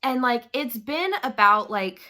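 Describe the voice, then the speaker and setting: A woman's voice: on the high side, animated, measured pace, pushed and bright. A young woman giving a casual book-review rant on her vlog, chatty, swearing freely and saying "like" constantly.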